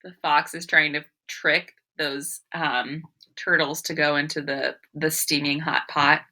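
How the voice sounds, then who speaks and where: A woman's voice: low-pitched, level tone, a little slow, sharp tone, poor audio. A woman teacher reading a picture book aloud to her class, explaining words and asking questions.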